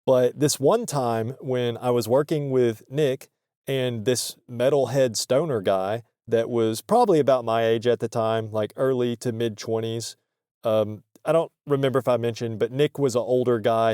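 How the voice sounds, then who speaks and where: A man's voice: medium pitch, steady tone, moderate pace, warm tone, smooth, no room sound, clean studio sound. A man telling a work story in a casual, profane and joking way, laughing between lines.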